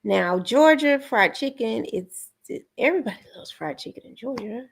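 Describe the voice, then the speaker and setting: A woman co-hosting a relaxed TV review chat from a video call. Her voice is husky and gravelly, with a breathy edge. She drops short, dry remarks. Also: a little high, normal speed. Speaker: review co-host.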